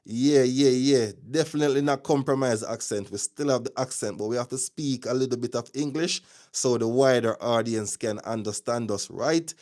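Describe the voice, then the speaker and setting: A man with a Jamaican accent hosts a live news stream in a chatty, opinionated way. His pitch sits in a middle range for a man, and he keeps greeting viewers by name between points. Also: normal speed, few pauses. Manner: chatty, addresses viewers, gives shout-outs, opinionated. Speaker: livestream news host. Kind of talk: casual live news commentary.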